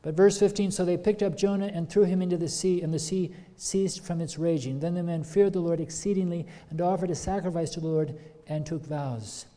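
A man's voice: high-pitched, steady tone, a little fast, dark tone. A man preaching a sermon, retelling a scripture story and putting earnest questions to his congregation. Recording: long hall reverb.

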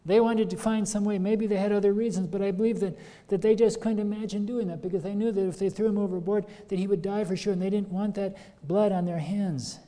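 A man's voice: high-pitched, fairly even intonation, a little fast, hardly any pauses, warm tone. A man preaching a sermon, retelling a scripture story and putting earnest questions to his congregation. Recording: long hall reverb.

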